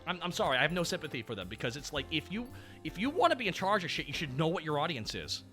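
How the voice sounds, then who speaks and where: A man's voice: on the high side, very animated, fast, soft background music. A man streaming as a VTuber, chatting casually and ranting with lots of swearing. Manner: ranting, swears a lot, loud bursts. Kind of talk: casual chat.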